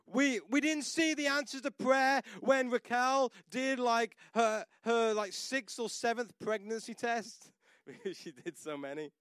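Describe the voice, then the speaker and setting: A man's voice: extremely high pitch, unhurried, a bit bright, clear, resonant tone, dry recording, clean studio sound. A man in his thirties preaching a sermon, telling a personal story and building to emphatic declarations. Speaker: pastor.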